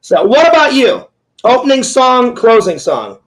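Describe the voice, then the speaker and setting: A man with a high-pitched voice hosts a loose, casual interview. He jokes around and drifts into long rambling stories in an easygoing chat tone. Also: sing-song, a little slow, fairly bright tone, poor audio. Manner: rambling, playful storyteller, joking. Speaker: interview host, Twitch streamer.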